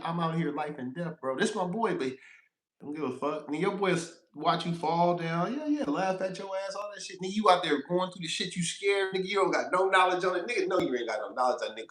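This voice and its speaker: A man's voice: a little high, a bit bright, echoey room. A man who drives trucks, telling a rambling, profane road story on a casual livestream, laughing as he goes.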